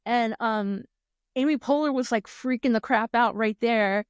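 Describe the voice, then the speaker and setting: A woman's voice: on the high side, measured pace, smooth, no echo, studio quality. A woman co-hosting a podcast, chatting casually with lots of fillers and laughter. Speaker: podcast co-host. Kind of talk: casual chat.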